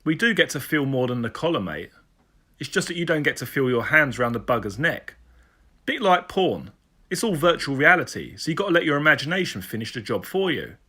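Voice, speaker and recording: In a full character voice, a man speaks a little high and briskly, with big pitch swings, a sharp tone and a breathy edge. He's voicing a Welsh police sergeant, jokey and crude, who teases bluntly in a Welsh accent and a joking mood.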